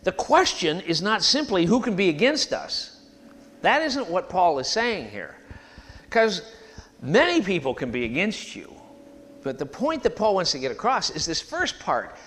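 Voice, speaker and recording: Emphatic male preacher with lively pitch. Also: unhurried. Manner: animated, emphatic preaching with congregation call-and-response; sings hymn lines at the start. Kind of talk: sermon.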